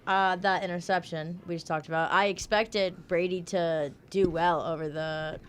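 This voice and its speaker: A woman's voice: lowish voice, fairly even intonation, normal speed, a little hiss or hum. A young woman co-hosting a casual sports talk show, laid-back and wry as she gives her picks. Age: young adult. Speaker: co-host.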